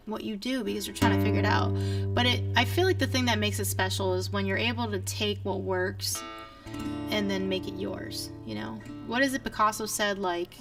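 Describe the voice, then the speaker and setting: A woman's voice: medium pitch, gravelly, distant mic. A young woman, a singer-songwriter, chatting casually with her livestream viewers, rambling with lots of fillers.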